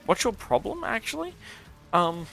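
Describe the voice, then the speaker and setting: A man's voice: sits high, sing-song, normal speed, creaky, bright, forceful tone, slight background noise. A young man, casually telling a story while gaming, rambling and swearing with lots of fillers. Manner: rambling and profane, many fillers. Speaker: streamer. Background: faint music.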